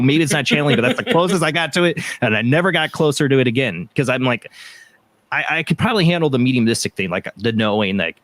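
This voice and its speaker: A man's voice: medium pitch, no echo. A man hosting a paranormal radio show, telling stories in casual rambling chat with many restarts. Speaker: podcast host.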